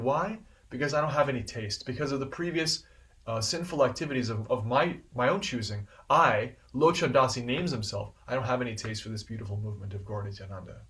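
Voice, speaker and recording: Guy teaching a scripture class, earnest and animated, keeps repeating himself for emphasis, mid pitch, sounds a bit far off the mic. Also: fast talker. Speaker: speaker giving a scripture class. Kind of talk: devotional class talk.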